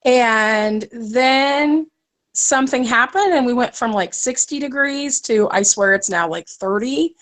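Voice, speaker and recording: A woman joining a casual live-stream chat as a guest, playful and animated. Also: a little high, measured pace, rough recording.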